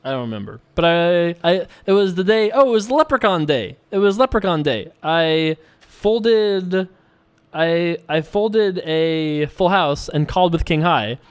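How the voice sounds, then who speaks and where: A young man talks his way through online poker hands in a loose, rambling style. He stops and restarts often and reads viewer questions out loud. His voice sits a little high and sounds smooth and clear. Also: a little slow. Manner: rambling, chatty, self-correcting. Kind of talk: casual commentary while playing.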